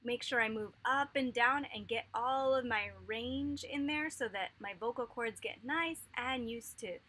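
A woman leads children through vocal warm-ups in a cheerful, encouraging way. Her voice sits a little high and rings with a bright, forward tone. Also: a little slow. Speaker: voice teacher.

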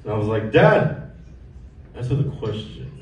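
A Mexican man in his thirties delivers a casual, profane stand-up set in a comedy club, telling stories deadpan in a mid-range voice at a normal pace. The mic sits far away, so the club sounds echoey, with audience laughter and room noise behind him.

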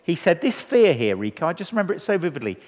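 The recording has the long reverb of a church hall, where an evangelist in his fifties addresses a live audience. His voice sits on the high side and moves at a quick pace as he acts out dialogue in lively storytelling.

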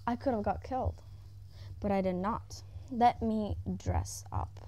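Excitable woman narrating a game, slow-paced. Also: fairly high pitch, no echo. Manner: excitable, exclaiming often, chatting to herself. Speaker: gaming YouTuber. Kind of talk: casual let's-play commentary. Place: at home.

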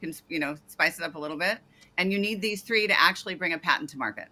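A woman's voice: lowish voice, fast talker, bright, forceful tone. A woman coaching a startup founder over a video call, giving detailed feedback and often correcting herself mid-sentence.

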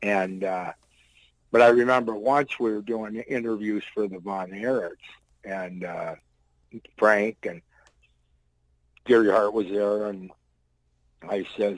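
Low-voiced older man spinning rambling stories. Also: fairly even intonation, measured pace, long pauses, no room sound, rough recording. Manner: loose, rambling anecdotes with blunt, salty wording. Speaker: guest, former pro wrestler. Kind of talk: casual storytelling.

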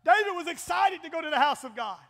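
A middle-aged pastor preaching with a very high, bright, piercing voice. His folksy, animated delivery keeps lifting into exclamations, and it rings through a church with a long hall reverb. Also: fast talker, gravelly, slight background noise. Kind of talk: Pentecostal sermon. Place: church sanctuary.

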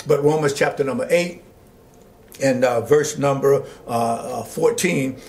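A man pastor teaching a Bible study, slowly reading scripture aloud and preaching with rising emphasis and asides to his listeners. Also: medium pitch, a little mellow. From Georgia, US.

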